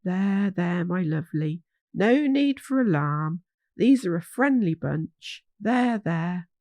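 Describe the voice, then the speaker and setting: A woman voicing a kindly old male hog who keeps watch over the woods, with rustic folksy speech and a gentle, soothing manner. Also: a little high, sing-song, a little slow, dry recording.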